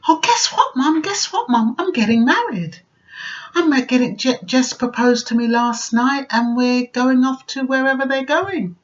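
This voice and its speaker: A woman voicing an excited young adult daughter who gushes in a high, breathless way. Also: a little slow. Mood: giddy. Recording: dull lo-fi recording.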